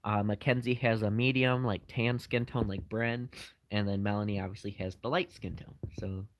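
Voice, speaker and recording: A man's voice: fairly low pitch, fairly even intonation, moderate pace, poor audio. A man hosting his channel, casually answering live chat questions in a rambling way with lots of fillers.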